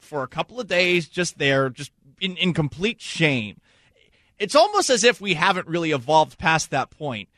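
A man's voice: fairly high pitch, bright, forceful tone, no echo, clean studio sound. A male co-host musing aloud in casual sports talk.

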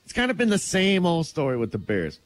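Man, radio sports reader, laid-back, lively inflection, dry close mic. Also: a little high, brisk, no room sound. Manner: laid-back, laughs often. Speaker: radio co-host reading sports news. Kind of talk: casual radio banter. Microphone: studio mic.

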